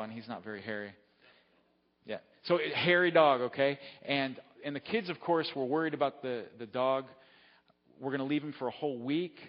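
A man preaching a sermon, telling a story in a conversational way and often checking in with his listeners. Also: medium pitch. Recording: dull lo-fi sound with long hall reverb.

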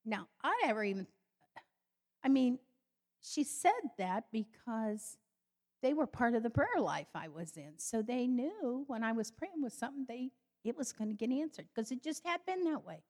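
An older woman telling her personal faith story, animated and acting out the voices she quotes. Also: normal speed. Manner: animated, acts out quoted voices with sudden high jumps. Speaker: speaker giving a personal faith testimony.

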